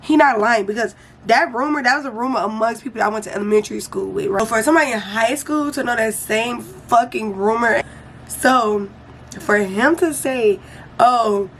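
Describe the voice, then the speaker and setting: A young woman tells a story to her vlog audience in a loose, slangy way, swearing freely and acting out what people said. Her voice sits a little high. Faint noise sits under her talk. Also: moderate pace. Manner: animated, slangy and profane, acts out quotes. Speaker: YouTuber telling a story.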